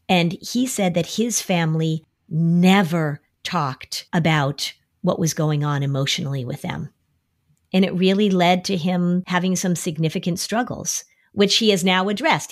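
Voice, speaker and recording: A middle-aged woman talks through parenting advice on anxiety in a podcast. Her voice sits fairly low. She keeps slipping into little acted-out quotes, jumping higher and brighter as she plays the worried parent. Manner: acts out quoted speech with lively shifts. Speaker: anxiety expert.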